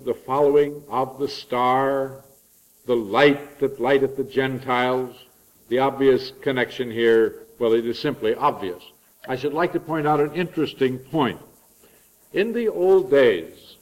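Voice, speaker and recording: Man, middle-aged, learned preacher, digressive asides, shifting pitch and pace. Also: darkish tone, poor audio. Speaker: preacher or lecturer on the church year. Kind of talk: lecture-style sermon.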